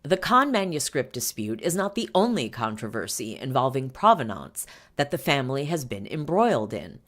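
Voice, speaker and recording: A woman's voice: a bass voice, big pitch swings, normal speed, a bit bright. A woman hosting a podcast, reading an article aloud and breaking off for chatty asides full of fillers. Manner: chatty asides with fillers between read passages. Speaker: podcast host.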